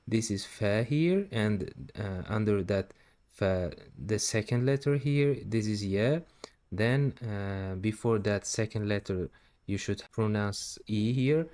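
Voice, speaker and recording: Slow, patient male recitation teacher. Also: on the low side, animated, darkish tone. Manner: slow, patient, repeats syllables and stretches recited words. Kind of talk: step-by-step tajweed lesson.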